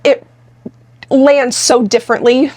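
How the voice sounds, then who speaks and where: A woman's voice: high-pitched, fairly even intonation, slow, a little mellow. A woman co-hosting a podcast, explaining points directly and walking through examples. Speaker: podcast co-host. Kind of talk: casual conversational podcast talk.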